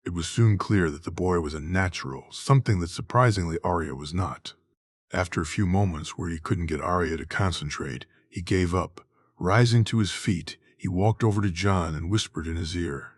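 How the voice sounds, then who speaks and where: A man narrates a fantasy story in a low, husky voice, unhurried and measured. The recording is dry and close, with no room sound. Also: dry recording. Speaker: audiobook narrator. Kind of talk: slow, even reading of fantasy fan fiction.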